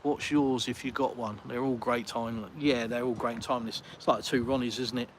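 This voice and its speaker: On a rough recording with heavy street and traffic noise, a middle-aged English man speaks fairly quickly in a steady, mid-range voice. He has an English accent and is livestreaming, chatting casually and reading viewer messages.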